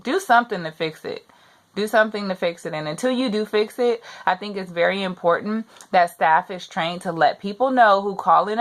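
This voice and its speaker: A woman's voice: medium pitch, a bit bright. A young pregnant woman venting her frustration in a personal rant to the camera, repeating herself as she gets upset. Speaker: vlogger.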